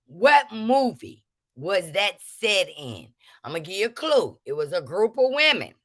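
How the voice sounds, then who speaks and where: A woman hosting a casual livestream movie quiz, animated and often laughing. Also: mid-range voice, no echo, studio quality. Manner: animated, laughing, drawn-out speech.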